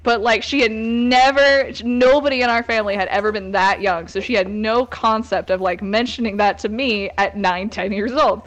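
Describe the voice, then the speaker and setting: A woman's voice: on the high side, steady tone, normal speed, few pauses. A young woman hosting a casual group chat, candidly telling a story with lots of laughs and swearing. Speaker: host.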